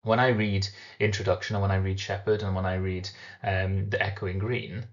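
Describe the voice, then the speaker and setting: A man teaching a recorded literature lesson, explaining step by step and slowing down to sound out syllables. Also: low voice, little pitch movement, lo-fi sound.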